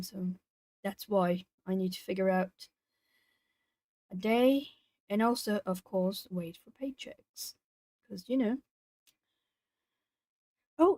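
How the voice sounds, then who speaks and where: A woman hosting a live art-channel stream, chatting casually with viewers and breaking into lively retold exchanges. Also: medium pitch, no room sound. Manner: chatty, talking to chat while colouring; animated when retelling stories. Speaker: YouTube art channel host. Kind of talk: casual livestream chat.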